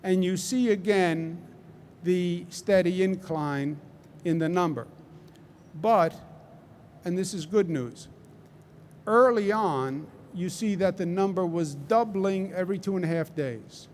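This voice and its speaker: Governor at a press briefing: a man with a Queens accent, a higher voice for a man, speaking slowly and emphatically, hammering home each point. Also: a little mellow, slight background noise. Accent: Queens, New York. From New York. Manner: deliberate and emphatic, repeats key phrases, asks rhetorical "right?". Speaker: state governor.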